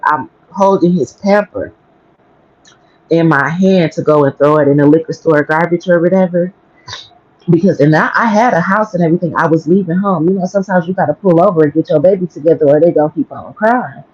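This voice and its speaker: A woman's voice: low voice, a little mellow, breathy edge. Blunt, profane woman telling a story. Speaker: livestream host. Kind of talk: casual storytelling on a livestream. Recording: dry, dull lo-fi stream audio.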